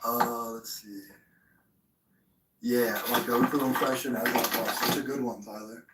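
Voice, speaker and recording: A young man rambles through crude, boastful stories to his live chat from home. His voice sits at an ordinary pitch, echoing around the room and heard from a little away from the mic. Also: steady tone, a little slow, long pauses, distant mic, heavy background noise. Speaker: live streamer. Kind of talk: casual livestream chat.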